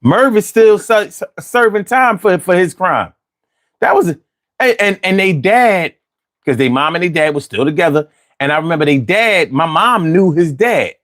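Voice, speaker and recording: A man's voice: high-pitched, expressive, normal speed, fairly bright tone. A man telling stories in a casual chat, repeating words as he goes.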